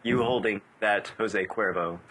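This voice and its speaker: Teasing man with a bright voice. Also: on the low side, measured pace, a little hiss or hum. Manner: teasing, jokey, dry retorts. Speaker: podcast co-host. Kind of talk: casual podcast chat. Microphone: Skype call.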